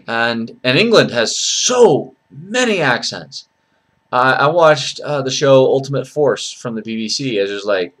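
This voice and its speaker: A man's voice: mid-range voice, animated, a little slow, a bit bright. Rambling, hesitant man vlogging. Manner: rambling, hesitant, many fillers. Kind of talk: casual vlog talk.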